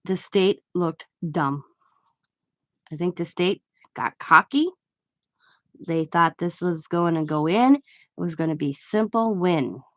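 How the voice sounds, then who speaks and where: A woman's voice: fairly low pitch, slow pace, pauses often, a bit bright, no echo. A woman hosting a craft channel, chatting casually in a blunt, opinionated way and swearing freely. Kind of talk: casual chat while crafting.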